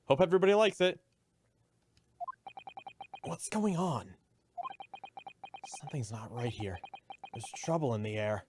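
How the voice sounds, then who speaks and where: A man co-hosting a let's play with sarcastic, excitable commentary and swearing. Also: mid-range voice, measured pace, pauses often, background noise. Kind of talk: casual gameplay commentary.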